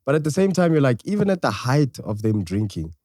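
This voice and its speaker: A man hosting a podcast, talking in an animated, storytelling way. His pitch jumps all over the place, and the studio sound is dry and close. He sits at a middle pitch for a man. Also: a little fast, no room sound. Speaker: podcast host. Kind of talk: casual chat.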